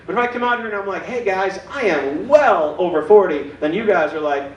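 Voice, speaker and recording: A man's voice: high-pitched, moderate pace, echoey room, recorded from a distance, background noise. A man in his forties doing a stand-up comedy set, self-deprecating and acting out other people's voices. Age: 40s. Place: comedy club stage. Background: audience laughter.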